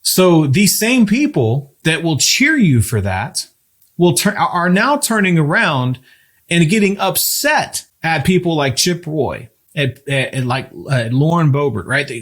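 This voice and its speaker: A man's voice: fairly high pitch, a bit bright. A man hosting a casual political talk show, building his point through rhetorical, emphatic questions. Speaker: podcast host.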